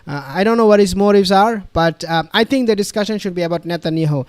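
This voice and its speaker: A man's voice: sits high, fast talker, dry recording. A man commenting on a played interview clip, emphatic and repetitive, with frequent fillers and restarts. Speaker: online commentator.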